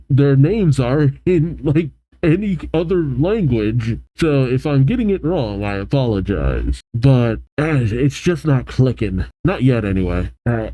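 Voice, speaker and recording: A man's voice: medium pitch, dark tone, no room sound, poor audio. Rambling man reading comics aloud. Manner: rambling, self-correcting. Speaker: reaction video host. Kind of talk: casual comic reading and commentary.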